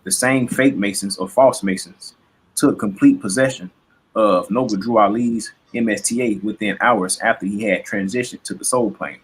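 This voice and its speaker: Male reader, low husky voice, measured and polite. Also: rough recording. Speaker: reader in discussion. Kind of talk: reading a document aloud.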